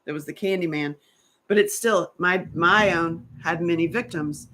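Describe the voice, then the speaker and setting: An author and survivor advocate talks casually on a livestream, her voice bright yet lowish and her pace moderate. She rambles in an animated way and keeps interrupting herself.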